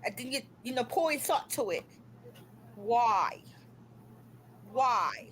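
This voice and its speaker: A woman's voice: fairly high pitch, animated, slow, a bit bright, a little hiss or hum, low-quality recording. A woman hosting a live stream from home, scolding and ranting in an exasperated, repetitive way. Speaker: livestream host. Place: home room.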